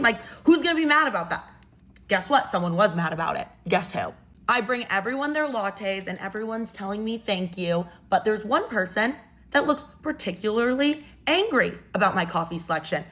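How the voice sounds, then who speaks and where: A young woman casually telling a personal story in a chatty, animated way with sassy asides. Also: mid-range voice.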